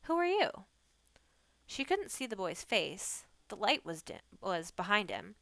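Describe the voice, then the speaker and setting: A woman reading a novel aloud on a live stream, telling the story gently and unhurriedly. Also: mid-range voice, very animated, gravelly, no room sound. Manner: gentle, unhurried storytelling, trying on the characters' lines. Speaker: book reader on a live stream.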